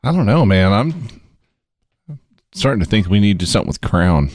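A man's voice: lowish voice, very animated, normal speed, darkish tone, no room sound, studio quality. A man co-hosting a podcast, laid-back and profane, chatting casually over drinks and laughing often. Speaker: podcast co-host.

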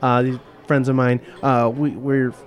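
A man's voice: medium pitch, level tone, a little slow. A man with a mid-range voice speaks in character at a tabletop game, stumbling over his words and restarting. He sounds easygoing and unpolished. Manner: hesitant, fumbling. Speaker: player. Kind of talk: in-character tabletop role-play.

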